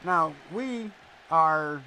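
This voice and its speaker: A man's voice: fairly high pitch, lively intonation, drawn-out words, bright, forceful tone, slight background noise. A man calling wrestling play-by-play live and breaking into blunt, profane, chatty stories. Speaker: wrestling commentator. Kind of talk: live play-by-play commentary mixed with casual chat.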